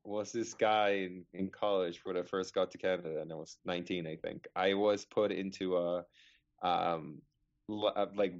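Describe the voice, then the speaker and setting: A man's voice: low-pitched, steady tone, moderate pace. A young man on a podcast, telling a rambling story in casual chat with lots of fillers and restarts. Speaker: podcast co-host. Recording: slightly dull lo-fi sound.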